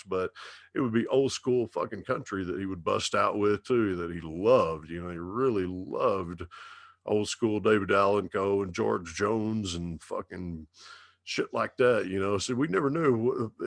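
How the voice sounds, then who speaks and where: A man in his fifties with a thick Dallas Texas drawl and a lowish voice. He drawls his stories at an easy, unhurried pace and swears casually throughout. The sound is close and dry, with no room around it. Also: vocal fry, no echo. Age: 50s. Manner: slow drawling storyteller, heavy swearing. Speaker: radio DJ guest. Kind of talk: casual podcast interview.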